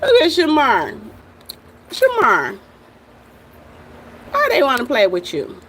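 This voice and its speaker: A woman with a very high, lively voice reacts to a viral clip for her viewers, talking unhurriedly in slangy, swearing chat. She keeps breaking into laughter. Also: takes it slowly, background noise. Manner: laughs often, talks straight to viewers with slangy cursing. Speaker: reaction video host. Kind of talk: casual commentary on a viral clip.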